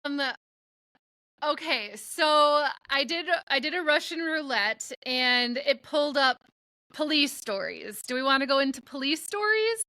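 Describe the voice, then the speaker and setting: High, bright woman with dry quips. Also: lively intonation, measured pace, no room sound. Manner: dry quips, brief replies. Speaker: podcast co-host. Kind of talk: casual chat.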